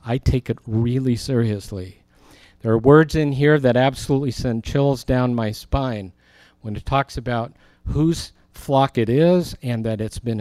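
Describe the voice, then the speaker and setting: A male pastor gives an earnest Bible teaching, his voice mellow and warm. He reads scripture lines with lifted emphasis, and the sound is close and dry with no room around it. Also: medium pitch, no room sound.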